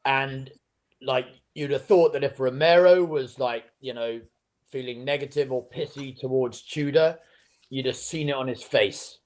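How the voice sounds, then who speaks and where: A man's voice: medium pitch, measured pace. Rambling male guest, filler-heavy. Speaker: panel guest. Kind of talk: casual chat.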